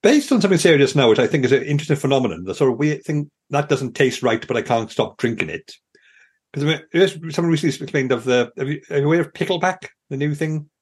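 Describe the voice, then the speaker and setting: A man's voice: medium pitch, expressive, quick pace, breathy edge. A British man co-hosting a podcast, telling rambling stories in casual chat and laughing often. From Britain. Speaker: podcast co-host.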